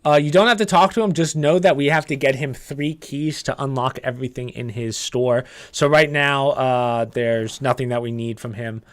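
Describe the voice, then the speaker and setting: A young man giving casual gameplay walkthrough commentary, relaxed and chatty, with frequent "uh" and "um" as he explains each step. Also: medium pitch, moderate pace, few pauses. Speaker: gaming guide creator.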